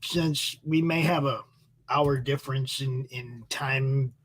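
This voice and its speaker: Husky laid-back male co-host. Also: medium pitch, steady tone, slow. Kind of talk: casual chat.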